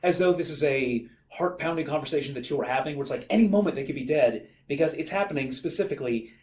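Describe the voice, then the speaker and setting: A man's voice: a little high, fast, a little mellow. A man on a casual comedy podcast, reading passages aloud and mocking them with playful put-on voices. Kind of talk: casual comedic book discussion.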